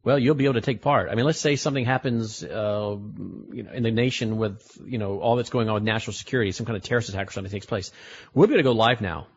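A man's voice: fairly low pitch, racing, husky. A male radio host chatting casually, rambling and restarting as he stumbles over a guest's name. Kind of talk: casual talk radio chat. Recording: dull lo-fi broadcast audio.

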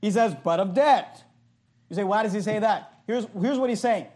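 A pastor preaching an emphatic sermon, reading verses aloud and explaining them line by line. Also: male voice, sits high, normal speed, a little mellow.

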